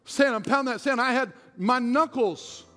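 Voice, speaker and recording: A man's voice: very high voice, normal speed, bright, forceful tone. A middle-aged man preaching a sermon as pastor, telling stories in a self-deprecating way and laughing often. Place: large church hall. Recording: long hall reverb.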